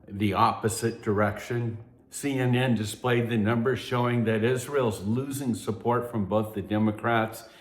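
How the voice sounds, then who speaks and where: Slow, measured man in an echoey room. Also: medium pitch. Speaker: host of a news commentary update. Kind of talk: news commentary with scripture references.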